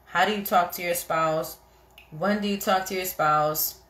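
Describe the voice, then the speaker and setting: A woman hosting a casual live chat about marriage, animated and chatty, often acting out what people say. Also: lowish voice, measured pace. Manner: animated, chatty, quotes people in little acted voices. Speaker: host of a live chat for couples. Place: home, kitchen nearby. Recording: echoey room.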